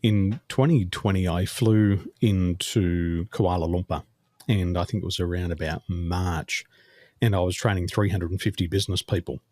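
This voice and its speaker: A man with an Australian accent, a business coach answering interview questions in a measured, deliberate way. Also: deep voice, steady tone, a little mellow, no echo, clean studio sound. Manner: measured, deliberate delivery, speaks slowly on purpose.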